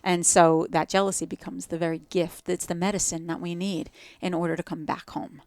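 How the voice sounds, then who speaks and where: An earnest woman with a New Jersey accent talks through ideas on a podcast, piling up short, repeated phrases. Her voice sits a little low. The sound is close and dry, with no room around it. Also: little pitch movement, fairly quick, a little mellow, dry recording. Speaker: guest yoga teacher. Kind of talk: reflective podcast conversation.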